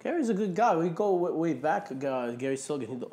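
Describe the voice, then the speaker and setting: A man's voice: fairly high pitch, big pitch swings, fast, darkish tone. Man, interviewer, casual chat, friendly, reminiscing. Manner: friendly, chatty, drops wrestling history trivia.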